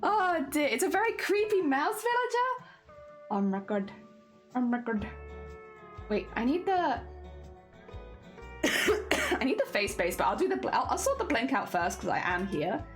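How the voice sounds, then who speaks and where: Young woman streamer, casual and chatty, slightly congested, with a lively, swooping delivery. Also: high-pitched, unhurried, long pauses, soft background music. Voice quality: coughing, a little congested. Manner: chatty, talks herself through each step, greets viewers. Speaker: streamer rigging a vtuber model. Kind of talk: casual live-stream talk while working.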